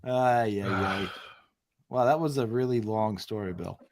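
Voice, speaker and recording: A man's voice: fairly low pitch, a little slow, no room sound, clean studio sound. A man co-hosting a podcast, chatting casually with teasing, jokey remarks. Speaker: podcast co-host. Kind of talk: casual banter.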